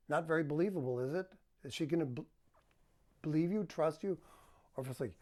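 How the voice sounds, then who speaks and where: A man's voice: fairly high pitch, moderate pace, darkish tone. A man working as a relationship counselor, giving advice to the camera in a coaching manner and acting out example tones of voice.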